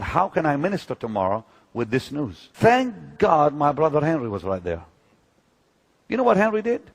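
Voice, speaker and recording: An older man preaching, telling personal stories emphatically and swinging from loud declarations to hushed moments. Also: on the high side. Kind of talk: sermon-style teaching talk.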